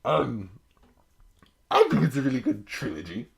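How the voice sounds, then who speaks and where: Playful co-host: highly animated pitch, gravelly edge, teasing banter. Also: moderate pace. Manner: playful and teasing, laughs often. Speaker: podcast co-host. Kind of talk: casual chat.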